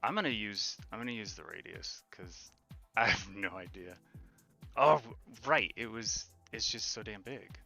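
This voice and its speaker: Slow, gravelly man talking through code. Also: lowish voice, animated, sharp tone, faint music behind. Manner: thinks aloud, mutters, jokes with chat. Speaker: game developer streaming his work. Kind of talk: casual live coding commentary, chatting with viewers.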